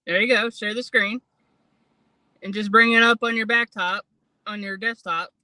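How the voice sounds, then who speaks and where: A man's voice: high-pitched, steady tone, moderate pace, sharp tone, no room sound, poor audio. A man guest on a casual podcast, upbeat and coaxing, often laughing along. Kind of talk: casual livestream chat.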